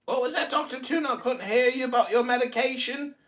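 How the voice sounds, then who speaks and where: A man in his forties hosting a livestream, taunting and mocking an opponent with loud, profane outbursts in a heated argument. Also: extremely high pitch, fast. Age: 40s. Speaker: livestream host.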